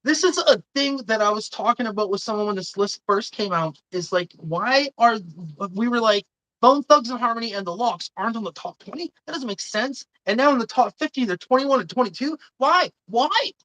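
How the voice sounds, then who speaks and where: A woman's voice: a little high, expressive, a little fast, fairly bright tone, no echo, rough recording. A woman hosting a live stream, chatting casually and swearing a lot as she gives blunt, indignant opinions.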